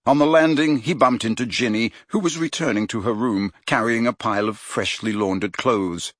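A man narrating an audiobook in an expressive, measured way. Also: on the low side, no room sound, clean studio sound. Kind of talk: scripted narration.

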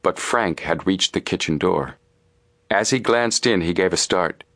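A man narrating a storybook in a steady, measured way. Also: deep voice, dry recording, studio quality. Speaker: audiobook narrator. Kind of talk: scripted narration.

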